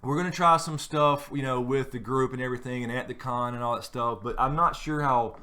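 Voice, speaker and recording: A man's voice: mid-range voice, fairly even intonation, brisk, sharp tone. A man hosting a late-night live stream, chatting casually and rambling with many fillers and restarts.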